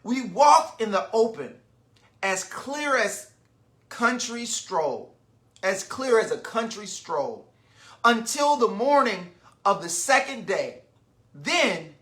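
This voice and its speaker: A man's voice: high-pitched, sing-song, takes it slowly, fairly bright tone. A man reading a picture book aloud to children, stopping to explain words and to ask his young listeners questions. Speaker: children's storyteller.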